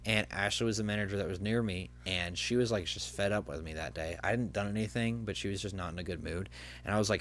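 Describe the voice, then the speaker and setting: A man's voice: on the low side, fairly quick, a little hiss or hum. A young adult man hosting a podcast, telling a rambling story in casual chat with lots of fillers. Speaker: podcast host.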